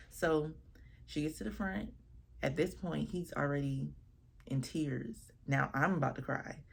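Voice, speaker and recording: A woman wedding officiant telling a casual storytime about her first ceremony, animated and expressive as she acts out what people said. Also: low voice, unhurried, gravelly, a little hiss or hum.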